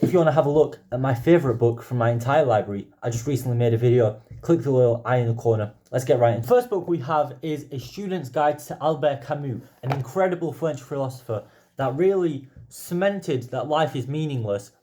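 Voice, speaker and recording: Young man, book vlogger, warm mellow tone, chatty, enthusiastic, rambling asides. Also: medium pitch. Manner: chatty, enthusiastic, quick tangents. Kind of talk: casual book haul review.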